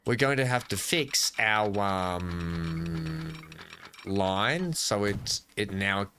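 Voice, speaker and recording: A man's voice: lowish voice, animated, drawn-out words, pushed and bright, slight background noise. An Australian man hosting a casual gameplay commentary, chatty and jokey, talking to himself as he plays. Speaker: gaming channel host.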